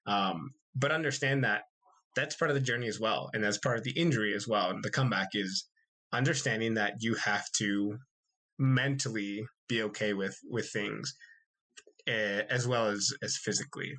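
A man's voice: on the low side, normal speed. A young man co-hosting a podcast, chatting casually and rambling with lots of fillers. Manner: relaxed, rambling with frequent fillers and laughs. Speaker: podcast co-host. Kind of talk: casual chat.

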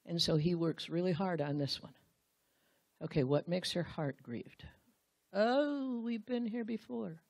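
A woman's voice: lowish voice, measured pace, vocal fry, darkish tone, no room sound. A woman Bible teacher giving a sermon, speaking earnestly and straight to the husbands in the room, acting out the quotes she reads.

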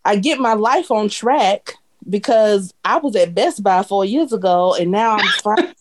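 A woman in a casual TV recap chat who talks things through in a measured, explanatory way. She backs up her points with personal experience. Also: mid-range voice, expressive, noisy background. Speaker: podcast co-host.

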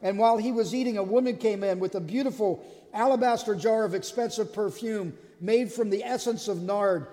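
A man preaching a sermon as lead pastor, telling stories and acting out the quotes with lively energy. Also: sits high, brisk, in a large hall. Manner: animated storyteller, acts out quotes.

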